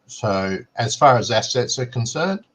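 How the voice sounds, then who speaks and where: A man as co-host on a casual stream, explaining in a relaxed plain way and ending points with "right?". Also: mid-range voice, a little slow. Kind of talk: casual chat.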